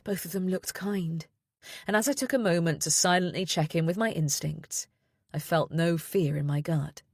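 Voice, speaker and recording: A woman reading a first-person thriller audiobook in a measured, steady way. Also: fairly low pitch, no echo, studio quality. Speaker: audiobook narrator.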